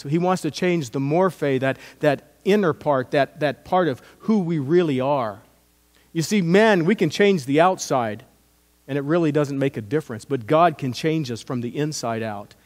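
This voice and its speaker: A man preaching a sermon as pastor, telling a story with acted-out quotes in an earnest, animated way. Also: fairly high pitch. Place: church sanctuary. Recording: long church reverb.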